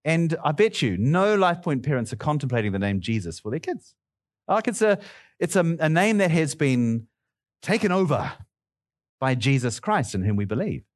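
Playful, lively-voiced male pastor. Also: a little high, normal speed. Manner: playful, bantering with the congregation. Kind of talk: sermon.

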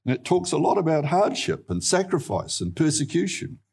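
A man with a New Zealand accent preaching a sermon, telling stories earnestly and rising in pitch for emphasis. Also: sing-song, moderate pace, creaky, a little mellow, husky. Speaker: pastor.

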